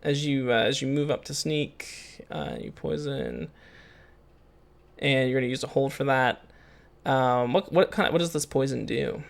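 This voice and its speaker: A man narrating as game master of a tabletop game, talking haltingly with many fillers and restarts. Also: mid-range voice, animated, vocal fry.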